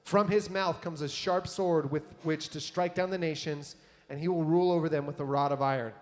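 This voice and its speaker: A man preaching a sermon in a conversational, animated way, reading scripture and adding casual asides to his audience. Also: fairly high pitch, brisk. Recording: long hall reverb.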